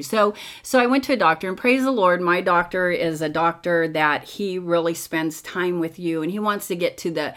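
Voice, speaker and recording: A middle-aged woman talks through a teaching podcast in a relaxed, conversational way. Her voice sits on the low side for a woman, and she fills pauses with ums and uhs as she tells personal stories. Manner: chatty storytelling with many fillers, acts out quotes. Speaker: podcast host and Bible teacher. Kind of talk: casual teaching talk.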